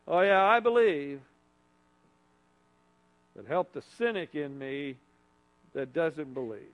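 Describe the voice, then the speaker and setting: A preacher acting out a troubled middle-aged father of a sick boy, his voice sitting high for a man. The words come plain and direct, as if spoken straight from the heart. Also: measured pace, muffled recording. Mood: cynical.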